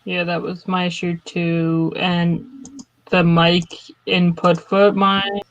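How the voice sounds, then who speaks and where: Flat, gravelly man on a video call. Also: sits high, slow pace, no echo, highs cut off. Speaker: tech support on a livestream team. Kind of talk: casual video-call tech check. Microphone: webcam mic on a video call.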